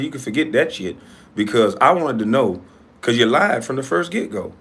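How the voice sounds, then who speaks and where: Husky man ranting with lively pitch. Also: normal speed. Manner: profane, combative, swings between loud and low. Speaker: YouTube show host. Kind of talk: heated ranting monologue.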